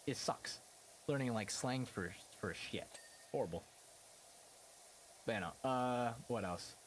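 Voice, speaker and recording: A man's voice: mid-range voice, unhurried, a little hiss or hum. A young adult man chatting casually on a live stream, rambling and packing his talk with fillers and casual swearing. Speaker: game streamer.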